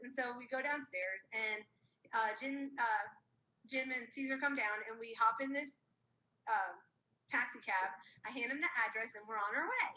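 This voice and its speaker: A woman's voice: fairly high pitch, normal speed, reverberant. A woman co-hosting a live stream, telling a rambling travel story with quoted voices. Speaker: co-host. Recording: dull lo-fi live stream audio with faint noise.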